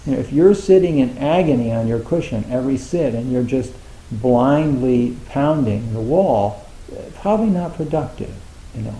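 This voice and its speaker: In an echoey room, a man with a warm, mid-range voice speaks at normal speed in an animated way. He's a Zen teacher offering retreat students a loose, rambling talk full of fillers and false starts.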